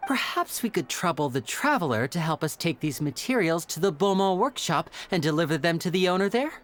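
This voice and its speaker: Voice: mid-range voice, lively intonation, brisk, a bit bright, slight background noise, natural voice. A performer voicing a charming, polite young stage magician in a video game. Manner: polite, smooth, light laughs.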